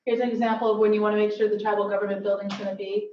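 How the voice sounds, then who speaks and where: A woman's voice: medium pitch, little pitch movement, very fast. Woman, conference presenter, upbeat, joking asides, dull lo-fi sound, faint hiss. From Silicon Valley. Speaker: workshop presenter. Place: lecture hall. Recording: echoey hall from far off, dull.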